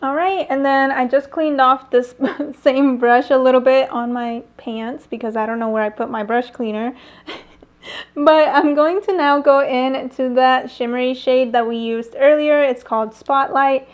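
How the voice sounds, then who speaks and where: A woman's voice: sits high, steady tone, measured pace. Chatty woman doing a makeup tutorial. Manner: chatty, lots of fillers and little laughs. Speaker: beauty vlogger. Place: home, airplanes passing nearby.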